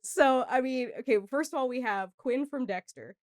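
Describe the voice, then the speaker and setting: A woman's voice: high voice, normal speed, no echo, clean studio sound. A young woman co-hosting a podcast, chatting casually about movies and laughing often. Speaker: podcast co-host.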